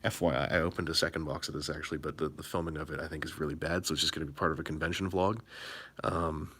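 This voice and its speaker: A man chats on a late-night live stream from his hotel room while opening card packs, rambling quietly and holding his excitement in check. There's a little hiss or hum in the audio.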